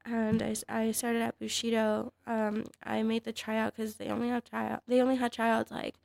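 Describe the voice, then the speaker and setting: A woman's voice: on the high side, completely flat delivery, normal speed, creaky, darkish tone, dry recording. A woman, a fighter guest, chatting casually and hesitantly, with many fillers and restarts. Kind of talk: casual podcast chat.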